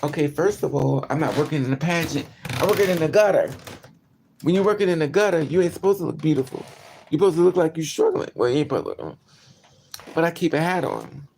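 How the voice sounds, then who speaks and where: A man tells a personal story to his livestream audience in a casual, candid way, talking straight to them and answering their comments. His voice sits a bit high for a man but has a dark, mellow tone. A gravelly, creaky edge runs through his speech. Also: animated, fast talker, a little hiss or hum. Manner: candid, chatty, talks straight to viewers. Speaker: vlogger.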